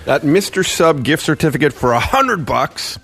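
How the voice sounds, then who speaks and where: Lively male radio co-host. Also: fairly high pitch, slightly rough. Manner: laughs along, quick asides. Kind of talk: casual radio banter. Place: radio studio.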